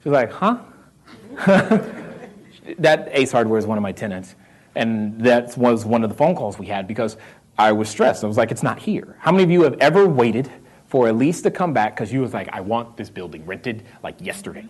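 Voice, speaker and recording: A man's voice: mid-range voice, lively intonation, brisk, darkish tone. A middle-aged man with a Southern American accent giving a motivational talk to a live audience, firing questions at them and laughing often. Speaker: real estate investor speaking to a live audience.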